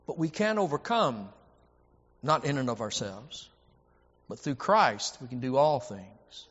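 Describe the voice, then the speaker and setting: A man's voice: mid-range voice, lively intonation, unhurried, a bit bright, breathy edge. A man preaching a sermon, emphatic and repetitive, often stammering as he restarts a phrase. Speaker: preacher and Bible teacher. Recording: dull audio with long hall reverb.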